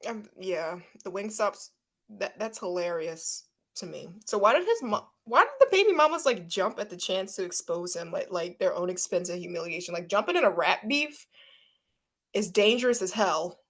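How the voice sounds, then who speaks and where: A woman's voice: medium pitch, moderate pace. Young woman podcast co-host, easygoing and chatty, leans on "like," livens up when quoting; mid-range voice. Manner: chatty, many "like" fillers, animated when quoting. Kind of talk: casual chat.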